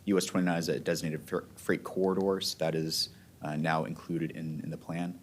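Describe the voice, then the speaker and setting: A man presenting transportation planning at a public board meeting, explaining things patiently, with halting fillers. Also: rumbling low, little pitch movement, a little hiss or hum.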